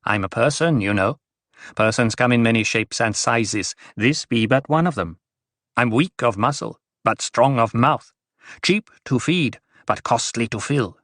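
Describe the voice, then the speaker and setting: A man voicing a wry, riddling male dwarf jester in an audiobook, speaking in punning, singsong riddles at an unhurried pace. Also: mid-range voice, fairly bright tone, dry recording, studio quality, close to an everyday voice. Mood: wheedling.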